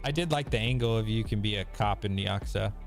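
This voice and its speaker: A man's voice: fairly low pitch, brisk, gravelly, soft background music. A man with an American accent chatting casually on a stream, profane and laughing, acting out voices. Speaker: crypto streamer.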